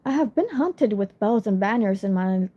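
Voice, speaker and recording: A woman's voice: mid-range voice, lively intonation, moderate pace, warm tone, close to an everyday voice. A woman voicing a proud, ageless female unicorn in a storybook reading, speaking with dignified scorn. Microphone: phone. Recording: lo-fi phone recording.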